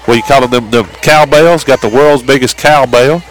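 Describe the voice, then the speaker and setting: Homem comentarista descontraído e hesitante. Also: male voice, mid-range voice, normal speed, low-quality recording. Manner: folksy, rambling, stammering restarts. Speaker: color commentator. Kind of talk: casual color commentary.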